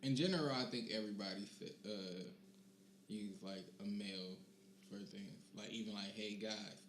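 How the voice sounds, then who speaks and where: A young man co-hosting a podcast, chatting casually in a laid-back, rambling way that often trails off quietly. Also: fairly low pitch, moderate pace. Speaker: podcast co-host. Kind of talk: casual chat. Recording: roomy with faint hiss.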